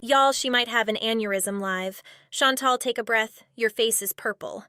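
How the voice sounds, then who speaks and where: Brief: slightly high-voiced woman, sarcastic, biting reaction co-host, dry close sound. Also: moderate pace, pushed and bright, clean tone, no room sound. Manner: sarcastic, biting, mock-dramatic. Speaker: commentary co-host. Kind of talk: casual reaction commentary.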